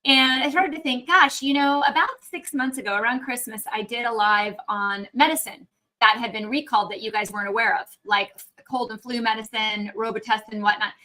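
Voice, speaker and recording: A woman's voice: on the high side, fairly even intonation, a little fast, sharp tone, poor audio. A woman doctor hosting a casual livestream Q&A, chatty and upbeat with viewers, with a frog in her throat. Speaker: naturopathic doctor hosting a live Q&A. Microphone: external microphone on a livestream.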